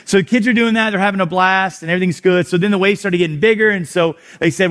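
A man, a youth pastor, telling a story in a sermon, animated and energetic, dropping low and quiet at tense moments. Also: fast talker, few pauses.

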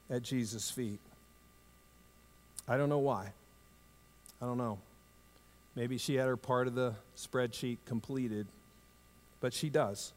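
A male pastor preaching a sermon in a conversational way, lifting his voice for emphasis and dropping it low and soft for tender asides. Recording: long hall reverb.

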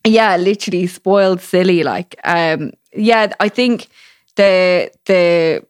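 A woman's voice: slow pace, clean tone, no echo. Young woman, chatty and sweary, dry close sound. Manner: chatty, swears a lot, laughs often, high baby-talk impressions. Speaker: podcast host. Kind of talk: casual chat.

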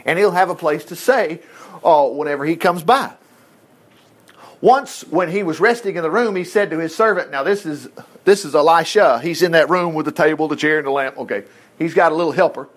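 Middle-aged guy preaching, folksy and animated, kinda high voice, tells stories with little laughs. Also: fairly quick. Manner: folksy, animated storytelling with asides and chuckles. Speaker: pastor. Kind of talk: sermon.

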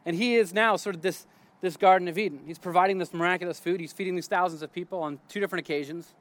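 A man with a fairly high voice teaching scripture outdoors in his garden. His delivery is loose and conversational, with restarts and quick "right?" check-ins. He speaks like a friend explaining something rather than preaching from a pulpit. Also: steady tone, fairly bright tone. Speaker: teacher of a Bible talk. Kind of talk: casual spoken Bible teaching.

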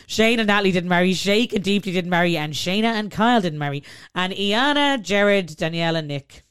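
A young Irish woman in sweary, animated podcast chat. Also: medium pitch, a little fast, clear, resonant tone, dry recording, studio quality. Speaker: podcast co-host. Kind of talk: casual chat.

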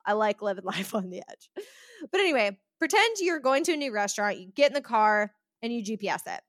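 A woman's voice: mid-range voice, animated, brisk, dry recording, clean studio sound. A woman hosting a podcast in a chatty way, often acting out the voices of people she quotes. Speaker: podcast host. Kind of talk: casual podcast talk.

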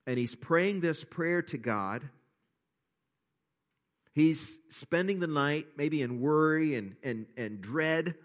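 A male pastor preaching a sermon and reading scripture, earnest, dropping to hushed lows and rising to impassioned appeals.

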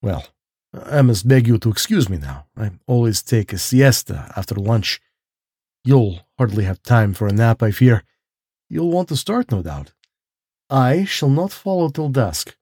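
A man's voice: sing-song, a little slow, mellow, slightly rough, dry recording, studio quality, exaggerated voice. A man putting on a silky, courtly aristocrat hunter. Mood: silkily menacing. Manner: polished and genteel, with a lift in pitch. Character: suave courtly aristocratic male hunter, menacing.

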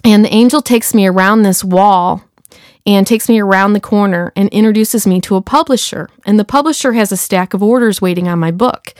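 A woman telling a personal story in a casual, animated way, acting out the dialogue and often saying "you know". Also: medium pitch, brisk, no echo, clean studio sound. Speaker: speaker sharing a personal testimony.

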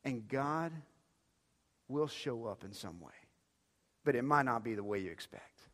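A man's voice: mid-range voice, expressive, measured pace. Preaching man in a reverberant hall. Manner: swings between quiet intimate phrases and loud emphatic ones; repeats words when building a point. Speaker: pastor. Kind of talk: sermon. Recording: long reverb of a large hall.

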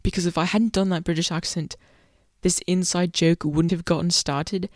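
A woman's voice: fairly low pitch, fairly even intonation, moderate pace, no echo, studio quality. A young woman hosting a solo podcast, chatty and self-deprecating, laughing as she tells her stories. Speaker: podcast host.

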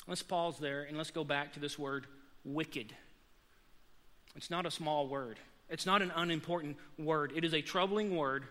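Bright high-pitched man preaching in a reverberant hall. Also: normal speed. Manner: emphatic preaching, repeats key words, rises in pitch and force when pressing a point. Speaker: pastor. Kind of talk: sermon. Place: large church sanctuary.

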